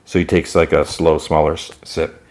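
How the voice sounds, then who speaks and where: A man hosting a podcast, recapping a TV episode in a rambling, excitable way. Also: rumbling low, moderate pace. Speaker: podcast host.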